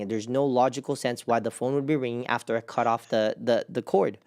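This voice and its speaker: A young man hosting a casual chat, telling a personal story in a rambling way, with lots of "like" and sudden jumps up in pitch as he relives his panic. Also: steady tone, a little fast, few pauses, darkish tone. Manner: rambling with many restarts and "like". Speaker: host.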